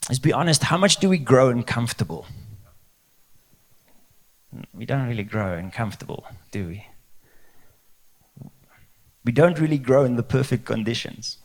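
Male preacher, animated, chatty sermon, rhetorical questions. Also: mid-range voice, normal speed, long pauses. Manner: lively, conversational, asks the crowd rhetorical questions. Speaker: pastor.

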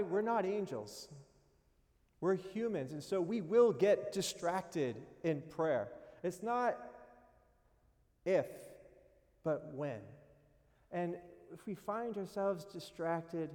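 A priest preaches a homily in a soft, mellow voice that sits a little high for a man. He speaks slowly and gently with a prayerful calm, and his words ring out with the long echo of a big church. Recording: long reverb of a large hall.

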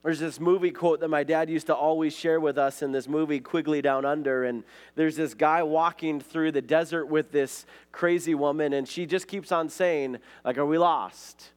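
A man's voice: on the high side, steady tone, moderate pace, few pauses, darkish tone. A man from Montana, preaching a conversational sermon and telling stories in a casual way, often saying "like" and "right?". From Montana, USA. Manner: casual storytelling, frequent "like" and "right?". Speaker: pastor.

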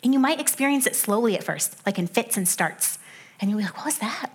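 A young adult woman giving a sermon in a conversational way, with animated asides that drop into soft, hushed stretches. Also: medium pitch, a little fast, husky.

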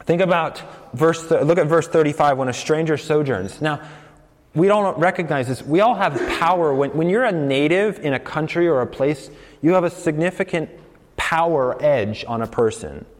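A man from the United States preaching a sermon in a conversational, animated way. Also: a little high, normal speed, long reverb tail. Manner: conversational and animated, acting out quoted voices. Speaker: pastor.

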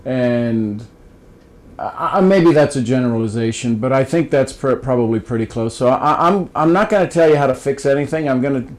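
An older man from Ohio, appearing as a podcast guest, gives casual advice in a folksy, coaching way, often restarting and repeating words. His voice sits at medium pitch and moves at normal speed, and the recording is rough.

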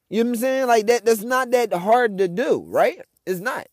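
Young Philly guy as podcast host, venting in an exasperated rant, high-pitched and dry. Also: expressive, moderate pace, few pauses, dry recording. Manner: frustrated, ranting, heavy cursing. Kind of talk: casual monologue.

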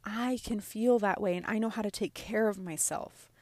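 A woman's voice: mid-range voice, normal speed, a little mellow, dry recording. A woman in her thirties talking casually about emotions and self-care, using lots of "like" and "right?". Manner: conversational, frequent "like" and "right?". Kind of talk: casual self-help talk.

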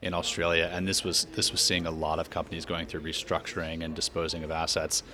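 Deep flat-voiced American man. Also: slight background noise. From United States. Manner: measured, explanatory, frequent fillers. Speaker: mining company executive guest. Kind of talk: podcast interview. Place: Australia.

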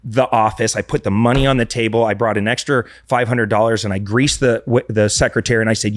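A man's voice: medium pitch, steady tone, fairly quick, hardly any pauses, no echo, studio quality. A man speaking as a podcast guest, earnestly telling a confessional personal story with frequent restarts.

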